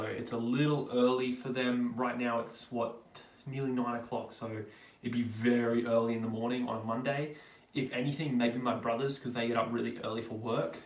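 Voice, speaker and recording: Australian male vlogger in his twenties, chatty live-stream Q&A host, recorded off-mic in an echoey room. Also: medium pitch. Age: 20s. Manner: chatty and rambling, answering viewers. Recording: roomy, distant from the mic.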